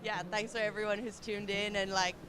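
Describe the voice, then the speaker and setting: A woman's voice: mid-range voice, little pitch movement, brisk, a crowd in the background. Young woman surfer, giggly and casual. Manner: giggly, says "like" a lot. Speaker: competing surfer. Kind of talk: casual post-heat interview. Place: beach outdoors.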